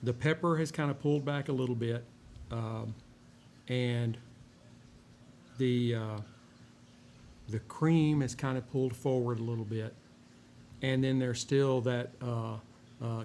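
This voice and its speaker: Man, gravelly, mid pitch, rambling casual talk, faint background noise. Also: unhurried, long pauses. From Texas. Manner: rambling, relaxed, many "uh" fillers. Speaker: host of a cigar and whiskey review show. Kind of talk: casual chat while smoking a cigar.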